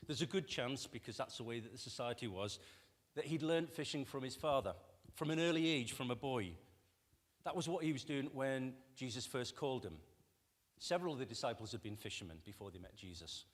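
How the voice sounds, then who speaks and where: A man's voice: medium pitch, fairly quick. A man preaching a sermon, talking conversationally and putting rhetorical questions to his congregation. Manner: acts out quoted voices with lively shifts. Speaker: pastor. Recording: long reverb of a church hall.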